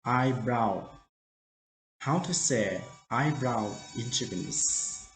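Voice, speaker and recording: A man teaching vocabulary in a slow drill, repeating each word carefully in simple, broken phrasing. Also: medium pitch, a bit bright, soft background music. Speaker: language teacher. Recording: roomy echo.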